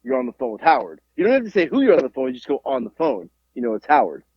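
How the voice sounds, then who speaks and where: A man co-hosting a podcast, sounding stuffy from allergies and rambling through animated stories in casual chat. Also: mid-range voice, rapid-fire, husky, no echo, highs cut off. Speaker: podcast co-host. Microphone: podcast mic.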